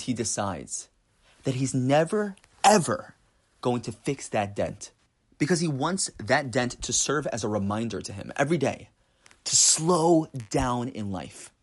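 A man's voice: mid-range voice, sing-song, a little slow, breathy edge. A man giving an inspirational talk with a story, speaking with emphasis and rising force on key points. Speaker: teacher.

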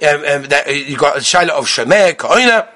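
Husky, bright-voiced male rabbi giving an animated, emphatic Torah class. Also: fairly high pitch. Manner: rapid-fire listing of sources, animated and emphatic. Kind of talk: lively spoken Torah lesson. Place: Israel.

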